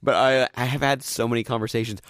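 A man's voice: mid-range voice, fairly even intonation, fast talker, fairly bright tone, no echo, clean studio sound. A young man hosting a casual podcast, telling a rambling story full of "like" and acting out his own quotes. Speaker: podcast host.

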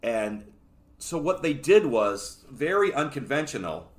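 A man's voice: mid-range voice, very animated, measured pace. A man hosting a solo podcast, reviewing a book in a casual, rambling way with joking asides. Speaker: podcast host.

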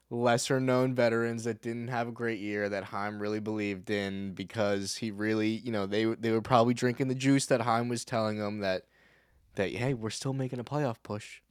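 A man with a lowish voice hosting a casual sports podcast. He rambles, restarts his sentences and leans on fillers. The sound is dry and close, with no room around it. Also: fairly even intonation, normal speed, smooth, dry recording. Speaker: podcast host.

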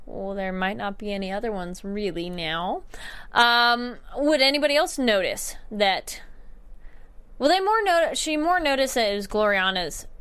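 A young woman recapping a TV episode in a chatty, animated way, tripping over words and correcting herself. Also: mid-range voice, normal speed, smooth. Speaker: TV show reviewer. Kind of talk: casual recap vlog.

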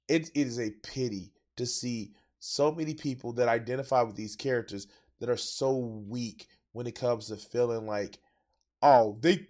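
A man hosting a reaction video, talking casually with profane, exasperated outbursts. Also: mid-range voice.

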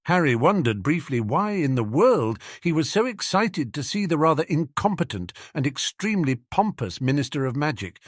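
Expressive male audiobook narrator. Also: a little high, no echo, clean studio sound. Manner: expressive storytelling. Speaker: audiobook reader. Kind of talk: fan fiction audiobook narration.

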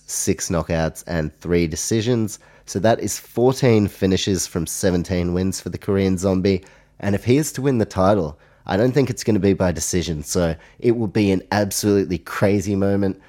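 A man's voice: low voice, warm tone. An Australian man hosting a solo podcast, talking casually through fight predictions with chatty asides. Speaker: podcast host.

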